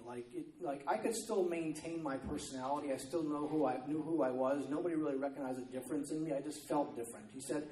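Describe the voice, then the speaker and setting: A man delivers a sermon in a chatty, conversational manner, often pausing to check in with his listeners. His voice is slightly high and mellow. He sounds somewhat distant from the mic, in an echoey church room. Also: slight background noise. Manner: conversational, repeats "okay?" to check in. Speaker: preacher.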